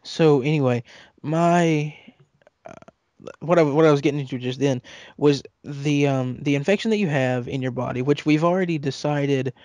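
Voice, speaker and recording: A man co-hosting a casual podcast chat, halting and restarting his sentences and laughing often. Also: fairly high pitch, darkish tone, no echo. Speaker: podcast co-host.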